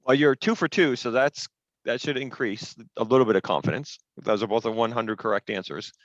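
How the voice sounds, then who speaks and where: A man's voice: medium pitch, brisk, dry recording, dull audio. A man teaching an online class over a headset, explaining step by step in a patient way and stressing the rules firmly.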